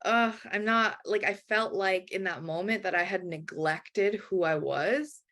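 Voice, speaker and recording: A woman life coach telling a personal story in an animated way, acting out quoted voices and often saying "like". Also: mid-range voice, unhurried. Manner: acts out quoted voices, frequent "like".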